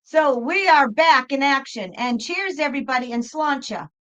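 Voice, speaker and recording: A woman's voice: high voice, expressive, normal speed, a bit bright. A woman hosting a live tarot stream, chatting casually and apologetically, with many fillers and repeated words. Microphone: computer microphone. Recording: dull, muffled microphone sound.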